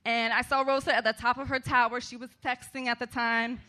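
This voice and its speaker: A woman's voice: a little high, little pitch movement, brisk, bright, forceful tone. A woman telling a true story on stage in a chatty, laughing way, full of "like" and "right". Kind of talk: live storytelling performance.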